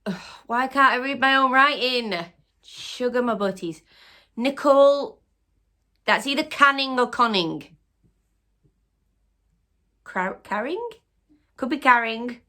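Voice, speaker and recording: A woman's voice: high voice, slow pace, long pauses, bright, forceful tone. A woman hosting her own channel, chatting upbeat to camera with frequent restarts as a small business owner. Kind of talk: casual chat to camera.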